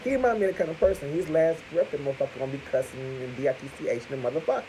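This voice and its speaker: A man giving crude, profane gossip commentary to his viewers, talking to them as "y'all" and punctuating points with loud exclamations. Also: mid-range voice, very fast, noisy background. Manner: animated, crude, keeps calling out "Hello!". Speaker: vlogger.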